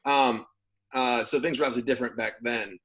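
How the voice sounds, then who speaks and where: A man's voice: medium pitch, fairly quick, low-quality recording. A man, a former pro football player, talking casually as an interview guest, rambling with plenty of fillers. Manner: relaxed, rambling with many fillers.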